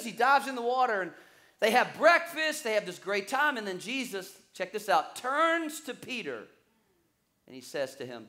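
Pastor guy preaching, high voice jumping all over, acts out the quotes, repeats himself when fired up. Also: moderate pace. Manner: repeats words when excited. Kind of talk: sermon.

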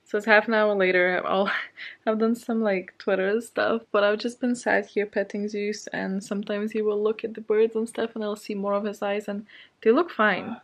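A woman's voice: mid-range voice, level tone, moderate pace. A woman talks casually to her vlog camera from her bed at home, still shaken and anxious. She rambles, circles back with plenty of fillers, and lets out small nervous laughs. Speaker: book vlogger.

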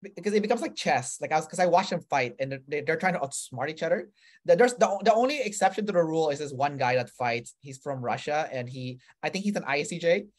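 A man's voice: fairly high pitch, lively intonation, quick pace. A man interviewing a guest in a casual, hesitant way over a video call, restarting his sentences often. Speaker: interviewer, personality trainer.

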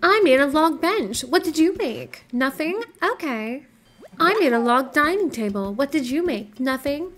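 A woman's voice: sits high, expressive, a little slow, fairly bright tone, pitched above the performer's own voice. A woman putting on a smug, bragging voice that taunts others in a sing-song way. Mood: smug teasing.

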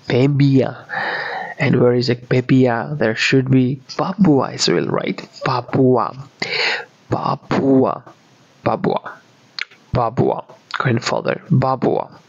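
A man's voice: mid-range voice, no room sound. A man from Georgia with a Georgian accent, teaching a beginner language lesson and patiently repeating each word many times. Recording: dull, dry lo-fi audio.

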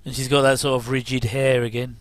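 Middle-aged man, casual watch-along commentator, smooth and close-miked. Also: mid-range voice, flat delivery, brisk, no echo. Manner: chatty, jokey asides with chuckles. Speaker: commentary host.

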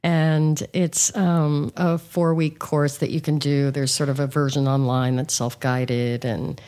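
A woman with a low voice, a coach who is a guest on a podcast. She speaks frankly and with animation, leaning on fillers as she talks. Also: little pitch movement, measured pace, warm tone. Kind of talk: casual conversation.

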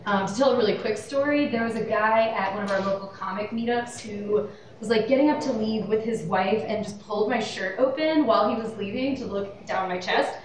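A woman's voice: mid-range voice, fairly quick, recorded from a distance. An earnest woman panelist speaks plainly and directly. Her voice comes from across a very echoey room with a faint hiss underneath. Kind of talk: panel discussion.

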